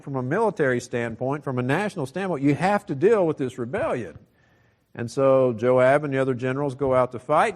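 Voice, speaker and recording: A male pastor preaching a sermon, explaining a scripture passage in a teaching manner. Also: on the high side.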